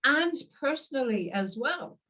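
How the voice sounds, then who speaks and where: An Irish woman hosting an interview, enthusiastic and animated, often breaking into laughter. Her voice sits a little away from the microphone. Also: sits high, a little slow, far from the mic, poor audio. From Ireland. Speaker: interview host. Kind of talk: conversational interview.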